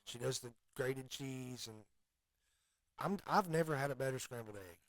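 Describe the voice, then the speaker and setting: A man's voice: mid-range voice, normal speed, dry recording, low-quality recording. A man co-hosting a radio show, chatting casually and pressing his points with earnest emphasis. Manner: earnest, emphatic, gets loud when passionate.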